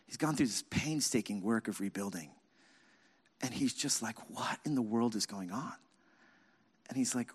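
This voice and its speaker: A man preaching as a pastor, telling a self-mocking personal story with lively, animated delivery. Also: mid-range voice. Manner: animated, self-mocking, acts out his own past shouting. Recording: reverberant hall.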